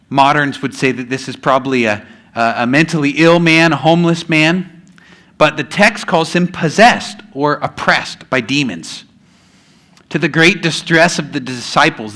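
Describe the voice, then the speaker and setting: A male pastor giving a sermon, telling a story and slowing down for emphasis, with casual asides to the congregation. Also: medium pitch, pushed and bright.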